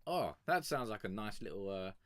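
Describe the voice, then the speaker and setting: A man's voice: fairly low pitch, expressive, normal speed, fairly bright tone, no echo. A man chatting casually and crudely with his live-stream audience, rambling and joking on a sugar rush. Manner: profane, rambling, joking banter with chat. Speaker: music review streamer.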